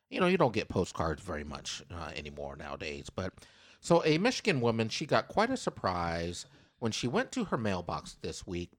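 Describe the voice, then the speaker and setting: Animated man hosting a podcast. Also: low voice, dry recording, clean studio sound. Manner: playful, teasing, reads quotes in a raised voice. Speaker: podcast co-host. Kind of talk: casual podcast chat, reading a news story.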